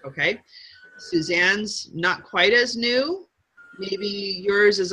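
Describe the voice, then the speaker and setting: A woman's voice: mid-range voice, slow, bright, forceful tone, breathy edge, rough recording. A middle-aged woman leading a live sales training session, upbeat and coaching, drawing call-and-response from her group.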